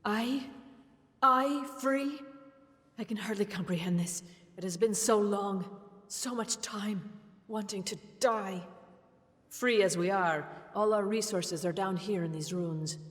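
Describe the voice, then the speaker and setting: A woman's voice: medium pitch, takes it slowly, lightly acted. A grave, formal spirit woman, played by an actress speaks with old, earnest weight, her words ringing in a long reverb. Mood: wondering. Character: long-suffering female spirit freed from a curse. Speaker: game character. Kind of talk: game dialogue.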